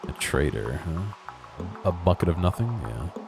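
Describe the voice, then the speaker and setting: A man's voice: low-pitched, big pitch swings, measured pace, gravelly, over music. A man casually commentating a let's play video, chatting between reading the game's text aloud. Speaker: gaming video creator.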